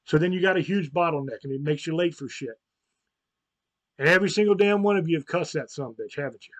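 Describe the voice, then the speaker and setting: A man hosts a casual podcast, telling his stories in a heated, rambling style with plenty of swearing. His voice sits fairly high. The sound is close and dry, with no room behind it. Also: fast, no room sound. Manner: profane, rambling, heated storytelling. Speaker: podcast host. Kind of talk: casual chat.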